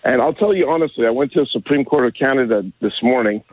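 Older guy calling in, husky, tinny phone line, rambles and restarts a lot. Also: mid-range voice, dry recording. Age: 60s. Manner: rambling, halting, many restarts. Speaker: caller. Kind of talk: casual call-in chat.

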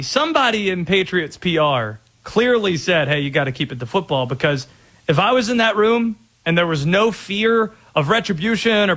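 A man co-hosting a sports talk show, arguing his points in a quick, wry and opinionated way. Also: high-pitched, a bit bright, rough recording. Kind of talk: casual sports debate.

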